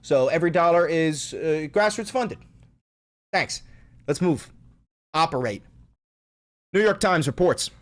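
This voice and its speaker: A man's voice: a little high, animated, unhurried, pauses often. A man hosting an online political commentary show, reading news aloud and ranting about it with sarcastic, profane outbursts.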